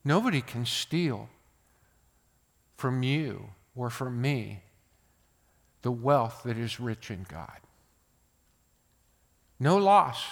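An older man preaching a sermon as pastor, emphatic, swinging between loud bursts and hushed asides. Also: medium pitch, sing-song, extremely slow, gravelly, pauses often, long reverb tail.

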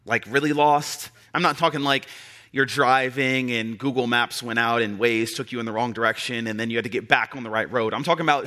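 A male pastor preaching in a loose, conversational way, telling a personal story with lots of fillers. His voice is bright and forceful, pitched at an ordinary male level. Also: a little fast. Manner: conversational and animated, with many fillers.

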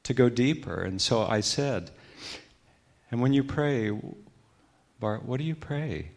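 A middle-aged man giving a reflective personal testimony as a guest speaker, dropping to a hushed tone when he quotes others. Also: medium pitch, lively intonation, slow pace, vocal fry. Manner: reflective storytelling, quoting others in hushed tones.

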